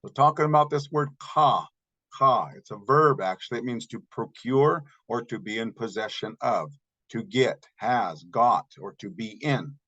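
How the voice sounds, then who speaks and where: A man's voice: medium pitch, pushed and bright, highs cut off. Patient man teaching a language lesson. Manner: patient, slow repetition of example words; spells out grammar step by step.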